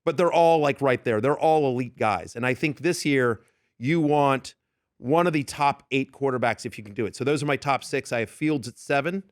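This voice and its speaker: A man's voice: mid-range voice, moderate pace, dry recording, clean studio sound. A man working as a fantasy football analyst, chatting in an interview and acting out the people in his stories. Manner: animated storyteller, acts out quoted yelling. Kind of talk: casual interview storytelling. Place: radio studio.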